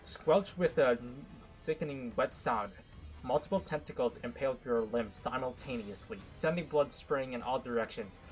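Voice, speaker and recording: A man reading a visual novel aloud with dramatic narration, broken by excitable, joking asides. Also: mid-range voice, normal speed, soft background music, poor audio. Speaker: gaming content creator.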